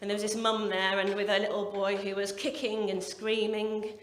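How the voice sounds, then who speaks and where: A woman's voice: medium pitch, level tone, normal speed. A woman, performing a chatty, wry and sweary stand-up set. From English Midlands. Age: 40s. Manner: chatty, wry and sweary, with self-deprecating asides. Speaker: stand-up comedian. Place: comedy club stage. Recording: echoey club with a laughing crowd.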